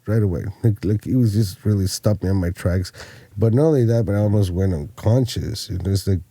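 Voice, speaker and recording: A man in his forties from Mexico, a podcast guest telling animated, profane stories with frequent laughs. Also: fairly low pitch, brisk, dry recording. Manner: laughing, swearing, animated anecdotes. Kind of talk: casual storytelling chat.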